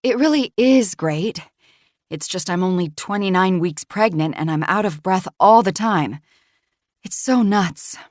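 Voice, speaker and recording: A woman's voice: medium pitch, expressive, measured pace, no echo, clean studio sound, close to an everyday voice. A woman voicing a cheerful young pregnant woman who talks in a bubbly, breathless way. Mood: breathless excited.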